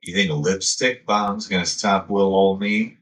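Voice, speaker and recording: A man acting out a taunting femme fatale in his own low voice, with mocking delivery. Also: fairly even intonation, measured pace, a bit bright.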